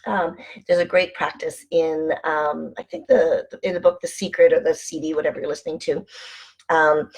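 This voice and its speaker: A woman hosting a casual motivational vlog from home, chatty and animated as she tells anecdotes. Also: low voice, normal speed, breathy edge. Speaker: online show host.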